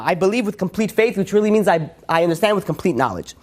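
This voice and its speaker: Teaching a religious class, a rabbi talks fast and animatedly in a voice that sits high. He presses his points with rhetorical questions and keeps starting sentences over.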